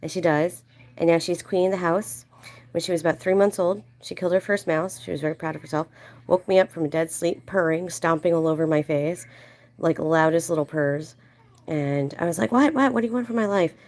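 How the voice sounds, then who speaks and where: A woman hosting a livestream, telling a casual story in a chatty way and acting out quoted voices in a higher, playful tone. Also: little pitch movement, brisk, darkish tone. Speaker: livestream host.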